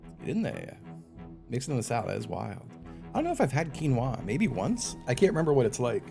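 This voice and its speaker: A man's voice: mid-range voice, fast, gravelly. A male game streamer talking casually to his live chat, his voice swinging widely up and down as he curses and vents. Faint music plays underneath. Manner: animated, swearing, exasperated outbursts.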